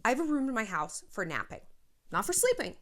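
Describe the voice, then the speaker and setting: A woman giving frank, animated life advice in a casual vlog, a little short of breath and sighing now and then. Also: on the high side, brisk. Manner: frank, animated, swears, slips into quoted voices.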